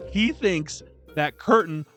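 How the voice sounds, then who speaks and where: A man's voice: on the high side, expressive, moderate pace, soft background music. A man hosting his own book review channel, delivering a scripted, wry and mocking critique.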